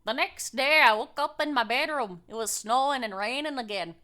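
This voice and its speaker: A woman voicing a gothic teenage vampire girl who narrates her day, reading slowly in a shaky put-on Scottish-Irish accent. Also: high-pitched, sharp tone. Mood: mock-dramatic. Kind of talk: comic dramatic reading of fan fiction.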